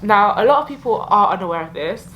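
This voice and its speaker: A woman's voice: medium pitch, lively intonation, quick pace, highs cut off, slight background noise. Young female vlogger, sincere and emotional, loose chatty delivery with many likes. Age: young adult. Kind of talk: reflective year-end vlog.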